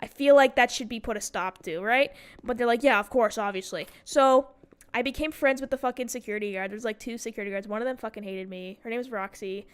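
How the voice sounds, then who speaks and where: A young adult woman streamer telling a story while gaming, animated and profane, with lots of "like" fillers. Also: on the high side, fast talker, clear, resonant tone. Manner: animated, profane, heavy use of "like".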